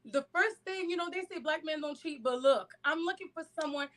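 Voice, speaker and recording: A woman's voice: sits high, fairly quick, fairly bright tone. A woman answering questions as a guest on a dating show, chatty with many fillers. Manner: chatty, filler-heavy, assertive. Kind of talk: casual interview answers.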